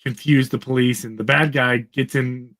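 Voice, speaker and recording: A man's voice: mid-range voice, steady tone, normal speed, a bit bright. A man casually recapping an old comic book on a podcast, rambling with fillers and laughing as he goes. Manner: rambling, laughing, acts out characters' lines. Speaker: podcast co-host.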